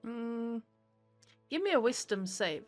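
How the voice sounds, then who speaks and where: A woman running a tabletop game as game master, calm and measured. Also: a little high, soft background music.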